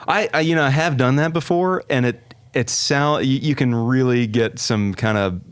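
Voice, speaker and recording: A man as a podcast guest, explaining guitar gear in an eager, halting way. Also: mid-range voice, clear, resonant tone. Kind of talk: casual podcast interview.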